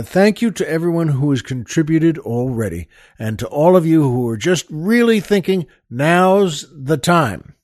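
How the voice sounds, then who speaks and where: A man's voice: a little high, darkish tone, dry recording, clean studio sound. Rambling older man telling a joke. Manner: rambling, halting storyteller with many restarts. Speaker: podcast host.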